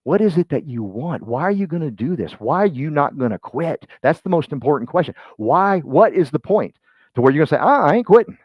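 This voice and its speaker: A man giving a motivational real estate training talk, folksy and energetic, swinging from loud bursts to quiet asides. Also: a little high, fairly quick, breathy edge, no room sound. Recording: dull muffled sound, dry.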